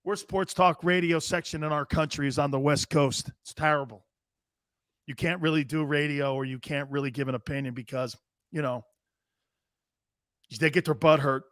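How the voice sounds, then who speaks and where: A man's voice: fairly high pitch, no room sound, studio quality. A middle-aged man hosting a sports talk show, brash and opinionated. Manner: brash and animated, quick to laugh.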